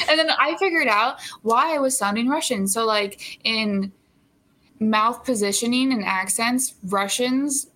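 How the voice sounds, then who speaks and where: A young actress chatting in an interview, animated and full of fillers and laughs. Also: female voice, medium pitch, low-quality recording. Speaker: actress guest. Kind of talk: casual interview chat.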